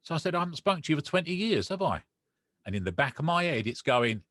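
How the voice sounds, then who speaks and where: A man's voice: on the high side, quick pace, no echo. Man from Romford telling his story. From Romford, England. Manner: animated, acts out dialogue. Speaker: guest. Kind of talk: personal storytelling.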